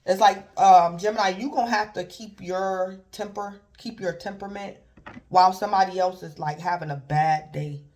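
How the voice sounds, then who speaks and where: Speaking at a moderate pace with medium pitch, fairly even intonation, and a darkish tone, a woman reads tarot casually. Her talk is rambling and repetitive, full of "like" and chuckles, and she slips into short quoted voices of imagined callers.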